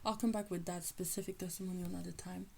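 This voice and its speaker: A woman telling a personal faith testimony in an animated storytelling manner, often acting out the people in her story. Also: on the low side, fast talker, gravelly, slight background noise, low-quality recording. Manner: animated, acts out quoted people. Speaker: faith teacher sharing a testimony.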